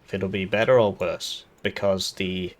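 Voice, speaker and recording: A man with a raspy voice giving casual commentary as he reviews a strategy game's update, thinking aloud with fillers and restarts. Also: low voice, little pitch movement, normal speed. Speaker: gaming YouTuber reviewing a devblog.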